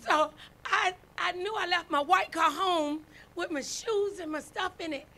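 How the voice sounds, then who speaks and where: Speaking a little slowly in a high, bright voice, a first lady preacher gives a sermon full of folksy storytelling. She keeps reaching out to the congregation with "y'all" and "right?"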